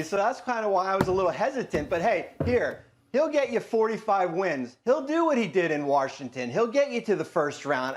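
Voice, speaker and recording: A man who is a basketball analyst, breaking down trades in an even, matter-of-fact studio commentary. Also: sits high.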